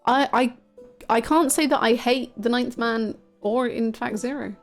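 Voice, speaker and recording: A woman's voice: fairly high pitch, measured pace, soft background music. A woman live-streaming, chatting casually with her viewers, gushing and swearing freely. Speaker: game streamer.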